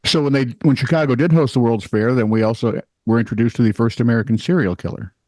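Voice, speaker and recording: A man's voice: mid-range voice, steady tone, quick pace, darkish tone, no echo. A man co-hosting a comedy news podcast, reading offbeat stories and cracking wry jokes. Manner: wry, jokey, reads news stories aloud. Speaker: co-host. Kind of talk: casual news banter.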